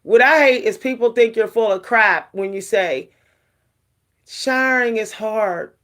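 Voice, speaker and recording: A woman's voice: fairly high pitch, a little slow, fairly bright tone. Frank, rambling middle-aged woman vlogger. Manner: frank, rambling, conversational, with many fillers. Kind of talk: casual self-care talk to viewers.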